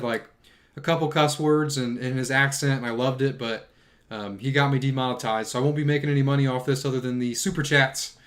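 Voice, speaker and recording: A man hosting a livestream, casually chatting and reading out viewer comments, sounding a bit tired. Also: a little high. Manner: chatty, filler-heavy, reads viewer comments aloud. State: tired from long stream. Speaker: livestream host reading chat.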